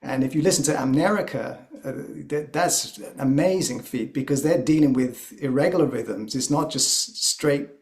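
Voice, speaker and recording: A man in a casual music discussion, talking in a thoughtful, explanatory way with many pauses and fillers. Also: medium pitch, a little mellow.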